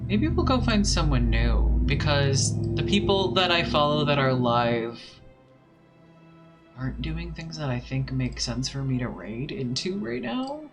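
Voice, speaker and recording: Speaking a little slowly but very animatedly, a man with a higher voice streams a video game live. He chats playfully and casually, humming filler sounds as he figures out what to do, against faint background music.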